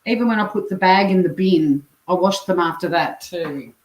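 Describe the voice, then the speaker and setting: Australian woman, livestream host, cooking chat, casual swearing, lowish voice, roomy kitchen echo. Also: moderate pace, a little mellow. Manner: chatty, swears casually, reads viewer comments aloud. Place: home kitchen.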